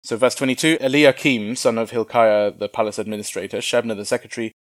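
A man's voice: medium pitch, steady tone, fast talker, no room sound, studio quality. A man giving an informal Bible lesson in a chatty, humorous way with casual slang. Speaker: Bible teacher.

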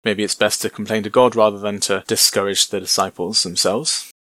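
A man's voice: fairly low pitch, flat delivery, a little fast, pushed and bright, dry recording. Man in a casual Bible talk. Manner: conversational, explaining with light humor. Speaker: Bible teacher. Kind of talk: verse-by-verse Bible teaching.

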